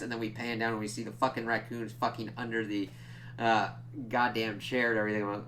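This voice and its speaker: A man's voice: fairly low pitch, little pitch movement, quick pace, fairly bright tone, a little hiss or hum. Profane, rambling young man reviewing TV. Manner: rambling and profane, acts out quoted lines. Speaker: TV episode reviewer. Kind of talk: casual spoken review.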